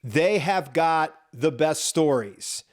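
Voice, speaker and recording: Man, high voice, podcast co-host, casual joking chat, laughs a lot. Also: lively intonation, takes it slowly. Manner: laughing, riffing on jokes.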